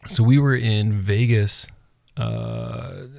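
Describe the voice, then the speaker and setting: A man in his thirties co-hosting a casual podcast, telling an animated, rambling story with lots of restarts. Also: mid-range voice, slow, vocal fry, no room sound, clean studio sound. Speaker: podcast co-host.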